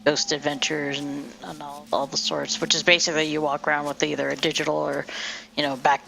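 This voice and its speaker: A woman's voice: low voice, flat delivery, brisk, gravelly, background noise. A woman streamer chatting casually over gameplay, rambling with lots of fillers and the odd swear.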